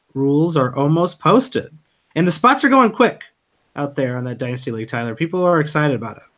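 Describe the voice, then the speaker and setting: A man's voice: medium pitch, a bit bright. A man hosting a podcast in casual chat, talking loosely with lots of fillers. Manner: loose, filler-heavy talk. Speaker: podcast host.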